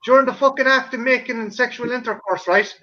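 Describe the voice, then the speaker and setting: A man's voice: very high-pitched, fairly even intonation, fast, pushed and bright. A man with an Irish accent ranting and swearing theatrically in a rambling, comic way on a stream. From Ireland. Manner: foul-mouthed, rambling, theatrical. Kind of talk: profane comic rant. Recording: dull lo-fi stream audio.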